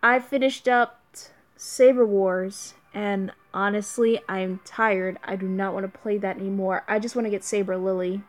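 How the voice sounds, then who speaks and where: A woman's voice: mid-range voice, steady tone, moderate pace, hardly any pauses. A young woman streaming a mobile game, chatting casually and answering her viewers. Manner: chatty, reads viewer chat aloud. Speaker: let's play streamer.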